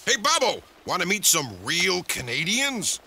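Goofy cartoon uncle, high bouncy voice, nervous chuckles. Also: male voice, big pitch swings, measured pace, very noisy, heavily acted. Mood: jovial. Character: goofy fun-loving uncle, middle-aged.

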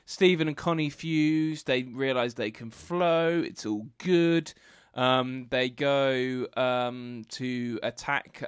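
A young British man recaps an episode on a casual podcast, filling gaps with ums and quick laughs. His voice sits at an ordinary middle pitch. The sound is dry and close to the microphone. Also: clear, resonant tone, no room sound. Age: young adult. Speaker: podcast co-host.

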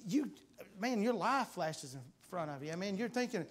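A man preaching in a church, reading scripture aloud and building to fervent, pleading shouts. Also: sits high, lively intonation, moderate pace. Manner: reads scripture aloud in King James wording. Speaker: guest preacher. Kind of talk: revival preaching. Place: church sanctuary.

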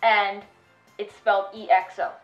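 A woman's voice: medium pitch, level tone, unhurried, lo-fi sound, soft background music. A woman hosting a reaction video, chatting playfully and explaining in a bubbly, teasing way. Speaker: host of reaction channel. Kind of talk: casual chat. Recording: echoey room.

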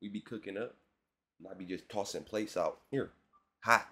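A man hosting a music reaction video, talking in a casual, slangy way with animated, mock-outraged rants. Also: lowish voice, moderate pace, breathy edge.

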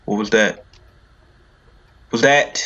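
Slow-talking jittery gamer man. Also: fairly low pitch, bright, forceful tone, lo-fi sound. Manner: jittery, repeats himself over and over. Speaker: gaming video creator. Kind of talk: horror game let's play commentary.

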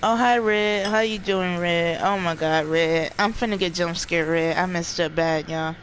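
A gaming streamer giving live commentary while playing, jumpy, often yelling and laughing and talking to the chat. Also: medium pitch, unhurried, slight background noise, poor audio.

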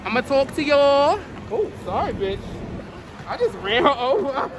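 A man's voice: very high-pitched, animated, moderate pace, a crowd in the background, noisy background. A man vlogging casually to a handheld camera at a train station, sassy, playful and full of swearing. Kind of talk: casual vlog chat to camera.

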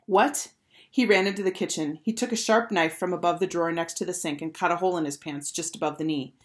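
A woman teacher reading a children's chapter book aloud with clear, expressive storytelling. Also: on the low side, quick pace.

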